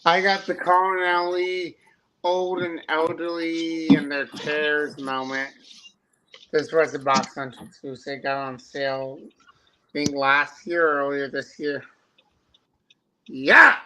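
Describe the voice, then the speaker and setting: A man with a fairly high voice talks slowly and haltingly, pausing often with fillers as he chats on a live stream. The recording carries clear background noise throughout. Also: flat delivery. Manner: slow and halting, many fillers. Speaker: guest Funko collector. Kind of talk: casual live-stream chat. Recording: noisy background.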